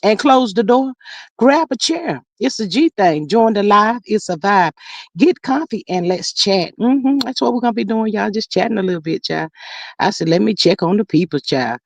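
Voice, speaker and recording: A woman's voice: mid-range voice, gravelly, no echo. Sassy woman hosting a livestream chat. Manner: lively, sassy, drawn-out greetings to viewers. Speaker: livestream host. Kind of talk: casual livestream chat, reading comments aloud.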